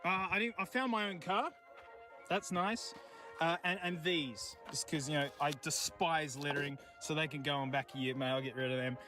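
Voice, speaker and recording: A man's voice: on the high side, moderate pace, music in the background. An Australian man chatting casually outdoors in remote bushland, joking and talking to the things he finds as he goes. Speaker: streamer. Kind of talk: casual vlog chat.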